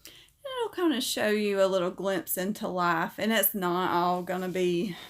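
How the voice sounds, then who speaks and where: Southern lady chatting on her stream, upbeat, goes high and sweet talking to her bird. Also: animated, unhurried. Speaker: livestream host. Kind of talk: casual livestream chat, reading comments.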